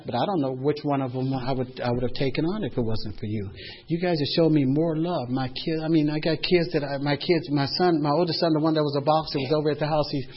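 An older man gives heartfelt personal testimony at a recovery meeting, telling his story earnestly and with emotion. His voice is a little high and slightly rough, heard through a dull lo-fi recording.

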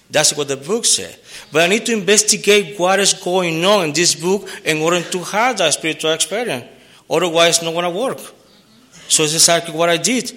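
A man giving an earnest personal testimony at a recovery meeting, halting, with repeated words and restarts. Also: on the high side, bright, forceful tone. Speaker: member sharing his recovery story.

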